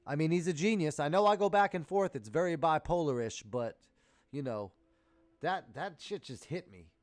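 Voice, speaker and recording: Guy day trading live, cussing and ranting, loud then muttering, bit high voice. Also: animated, normal speed, dry recording. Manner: profane, heated, swings loud and quiet. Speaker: live-stream day trader. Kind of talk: ranting live-stream commentary.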